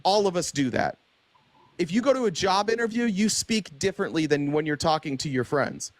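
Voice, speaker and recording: A man's voice: fairly high pitch, animated, fairly quick, dry recording. A man in a heated live debate, pressing hard and repeating his questions.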